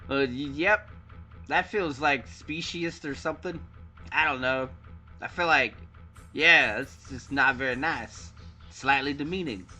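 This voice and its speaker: A man's voice: medium pitch, a little slow, sharp tone. Man making sarcastic gaming asides. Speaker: streamer. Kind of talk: let's play commentary. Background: game music.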